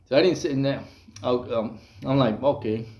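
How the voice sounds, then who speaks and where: A man's voice: medium pitch, normal speed, darkish tone, roomy sound. A man from Mexico, casually telling prison stories in a rambling way, full of fillers, restarts and slang. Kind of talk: casual storytelling monologue.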